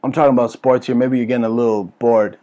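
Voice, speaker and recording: A man's voice: medium pitch, level tone, fast, dark tone, lo-fi sound. A man hosting a comedy show with a brash, crude, ranting delivery. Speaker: host. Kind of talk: comedic political rant.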